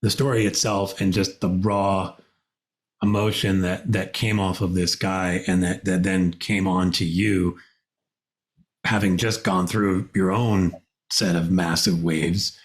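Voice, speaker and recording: A man's voice: low-pitched, level tone, slow pace. A man hosting a podcast, interviewing a guest attentively with frequent short affirmations. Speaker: podcast host.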